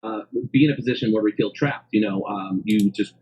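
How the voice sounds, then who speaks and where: A man's voice: fairly low pitch, fairly quick, a little mellow, a little hiss or hum. A man speaking hesitantly with many fillers, heard as an interviewee in a played clip. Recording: dull lo-fi clip.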